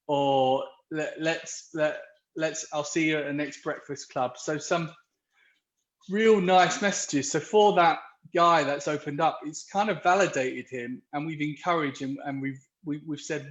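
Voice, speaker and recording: A man's voice: on the high side, normal speed. A man being interviewed live online, talking earnestly and rambling, with lots of restarts. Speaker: interviewee, dads' group organiser. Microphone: video call. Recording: roomy, dull lo-fi video call audio.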